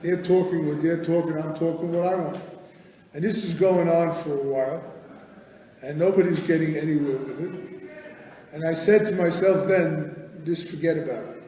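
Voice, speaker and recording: A man's voice: fairly high pitch, steady tone, normal speed, warm tone. An older man giving a live Torah class as guest rabbi, telling stories with animation and acting out family dialogue, recorded in a large hall. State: hard of hearing. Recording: echoey hall from far off.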